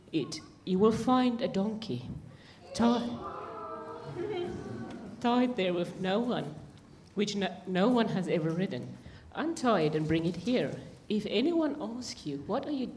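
A woman reading a Bible passage aloud in church, plain and steady, with small slips. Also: mid-range voice, measured pace, slight background noise. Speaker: scripture reader.

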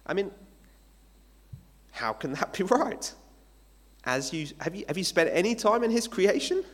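A man's voice: sits high, big pitch swings, measured pace, pauses often. Conversational male pastor in a reverberant hall. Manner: conversational preaching with rhetorical questions. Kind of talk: sermon.

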